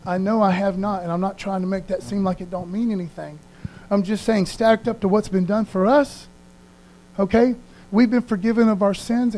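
A pastor delivering a sermon in a relaxed, conversational tone. His voice sits noticeably high for a man. He speaks earnestly and keeps asking his listeners to agree. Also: moderate pace, rough recording. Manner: informal and earnest, asks the congregation for agreement.

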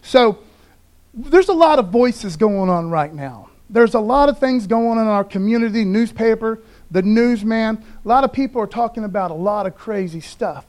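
Speaking at a normal speed, a man with a high, animated, slightly mellow voice delivers a streamed Sunday sermon as pastor. He reads scripture aloud, fumbling the names, and keeps his tone casual with frequent "okay, guys."

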